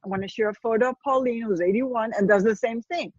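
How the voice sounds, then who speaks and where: A woman's voice: fairly high pitch, fast, slightly rough, no echo, muffled recording. A woman in her fifties from Spain with a Spanish accent, talking earnestly as an interview guest and often restarting her sentences. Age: 50s. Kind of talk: casual interview chat.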